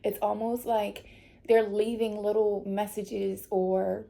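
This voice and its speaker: A woman's voice: mid-range voice, little pitch movement, slow pace, creaky, dark tone, slight background noise. A woman giving a tarot reading to her viewers, tearful and reassuring, laughing through her emotion. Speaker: tarot reader.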